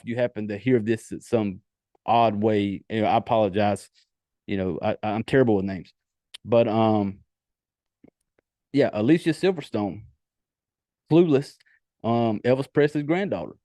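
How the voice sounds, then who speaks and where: A man's voice: medium pitch, mellow, no echo. A man with a Southern accent hosting a podcast, chatting casually with rambling, profane asides. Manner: rambling, profane, laid-back. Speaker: podcast host. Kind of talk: casual solo podcast chat.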